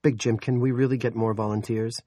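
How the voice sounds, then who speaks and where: A man voicing a frazzled middle-aged male police chief who talks out of breath, rapid and worried. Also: medium pitch, little pitch movement, dark tone, husky, no room sound, studio quality, voice pushed up, lightly acted. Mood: harried.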